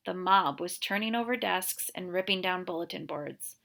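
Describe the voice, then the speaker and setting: Gravelly bright woman reading aloud. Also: on the low side, normal speed. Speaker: reader, teacher.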